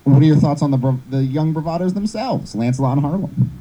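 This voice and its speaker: A man's voice: a little high, fast, mellow, muffled recording, slight background noise. A man hosting a casual podcast, dryly reading out questions for his guest. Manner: dry, reading out listener questions. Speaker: podcast host asking questions.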